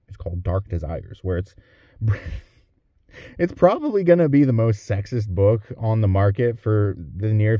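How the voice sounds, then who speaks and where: Dark-voiced man with a wry vlog ramble. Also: deep voice, no room sound, clean studio sound. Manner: wry, joking, self-deprecating. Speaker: powerlifter and audiobook narrator. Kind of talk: casual vlog talk.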